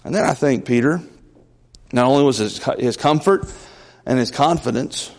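A man preaching a conversational sermon in a folksy way, building up to loud, emphatic peaks. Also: mid-range voice, moderate pace, long reverb tail.

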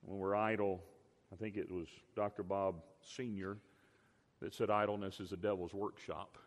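A middle-aged man preaching a sermon, telling stories with emphatic swings between loud and quiet. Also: sits low, moderate pace. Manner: animated storytelling, emphatic swings in loudness. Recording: long reverb of a large hall.

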